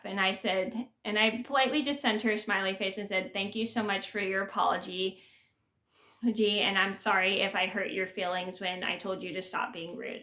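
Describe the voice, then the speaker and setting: A woman's voice: mid-range voice, a bit bright, roomy sound. A woman vlogger casually telling a story to her viewers, rambling with many fillers and restarts.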